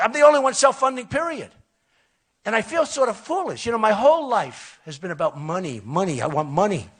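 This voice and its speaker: An older man, a political candidate, gives a rambling, repetitive campaign rally speech into a podium microphone at an outdoor or hall rally. His voice is high-pitched and fairly bright, and he boasts in a conversational way.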